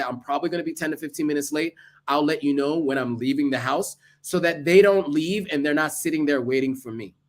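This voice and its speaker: A man giving earnest, casual advice to camera, listing tips with asides along the way. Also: fairly high pitch. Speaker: vlogger.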